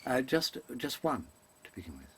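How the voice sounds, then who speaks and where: A man's voice: medium pitch, big pitch swings, moderate pace, very noisy. A man performing a rambling, digressive theatrical monologue to a webcam, hesitating often and correcting himself in mannered stage diction. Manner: digressive, hesitant, full of ums and self-corrections. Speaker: actor giving a comic monologue.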